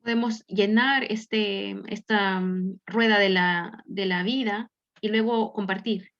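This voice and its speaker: A woman interprets a lesson phrase by phrase, with small pauses while she picks her words. Her voice comes through slightly muffled, lo-fi call audio. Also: mid-range voice, steady tone, a bit bright. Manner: careful phrasing with small hesitations. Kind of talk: consecutive interpretation. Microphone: video call.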